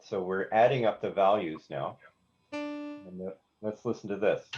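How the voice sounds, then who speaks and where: A man's voice: low-pitched, unhurried, over music. A man teaching a songwriting class, explaining note values with frequent restarts and singing rhythms out on nonsense syllables. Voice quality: hesitant, restarts words, sings rhythms on "da". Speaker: songwriting instructor. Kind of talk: classroom lesson with live demonstration. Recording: slightly dull, lo-fi class recording. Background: faint instrument playback.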